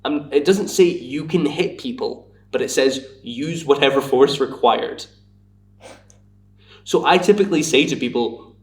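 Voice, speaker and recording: A man's voice: mid-range voice, unhurried, recorded from a distance. A young man with a Scottish accent from the Glasgow area, chatting casually as a podcast guest. He rambles, fills his talk with "like" and jokes at his own expense. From Scotland. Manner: rambling, lots of "like", self-mocking. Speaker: podcast guest, bar worker. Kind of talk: casual chat. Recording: echoey room, from off the mic.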